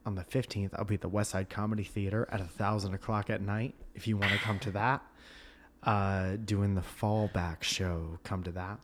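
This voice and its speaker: A man's voice: fairly low pitch, level tone, moderate pace, a little hiss or hum. A man hosting a podcast, chatting casually and joking while plugging his stand-up dates. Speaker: comedian and podcast host. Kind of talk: casual chat.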